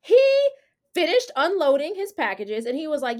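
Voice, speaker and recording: A woman podcast host with a high-pitched voice speaks at a moderate pace. Animated and slangy, she tells a story during casual conversation and performs the quotes of the people involved.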